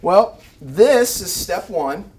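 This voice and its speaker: A man, an animal behavior trainer giving a lively live talk to rescue volunteers and acting out everyday scenes. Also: high-pitched, very slow. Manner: animated, acts out scenes with shouted mock voices.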